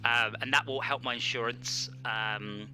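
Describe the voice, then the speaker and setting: A man's voice: medium pitch, steady tone, unhurried, sharp tone, faint music behind. A man chatting casually and joking while streaming a racing game. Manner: joking, rambling with fillers. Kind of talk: casual chat while gaming.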